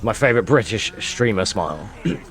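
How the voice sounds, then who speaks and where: A man's voice: on the low side, lively intonation, a little fast, fairly bright tone. A man streaming live gameplay, joking with his chat and explaining his moves as he plays.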